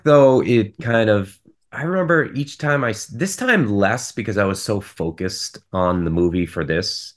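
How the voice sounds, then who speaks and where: Low-voiced rambling man discussing films. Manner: rambling, restarts often. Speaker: podcast co-host. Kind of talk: casual film discussion.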